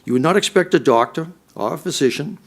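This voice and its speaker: A man's voice: fairly high pitch, lively intonation, fast. Emphatic middle-aged man giving a speech. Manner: emphatic, repeats points for force. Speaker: former police chief speaking at a policy forum. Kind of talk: prepared public speech.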